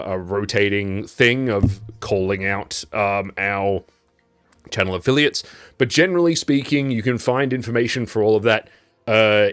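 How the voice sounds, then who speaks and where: A man with an Australian accent, game master of a tabletop stream, chatty and quick to laugh. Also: fairly low pitch, no echo. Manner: chatty and loose, laughs easily. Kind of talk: casual stream intro.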